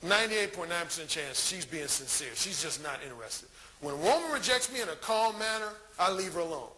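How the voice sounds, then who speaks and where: A man giving a live conference talk as a dating coach, telling crude stories in an animated way. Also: sits high, fairly quick.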